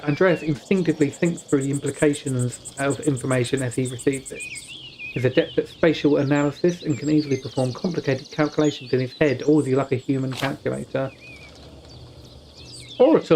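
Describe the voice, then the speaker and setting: A man's voice: fairly high pitch, very animated, fairly quick, a little mellow, slight background noise. Stumbling, chatty male game streamer. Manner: stumbles over hard words, self-mocking asides. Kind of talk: casual let's-play commentary, reading game text aloud.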